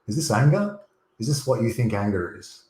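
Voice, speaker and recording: A man's voice: mid-range voice, big pitch swings, moderate pace, mellow, reverberant, rough recording. A man talking bluntly and emphatically as a guest on a casual livestream, rambling through his points. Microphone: USB desktop microphone.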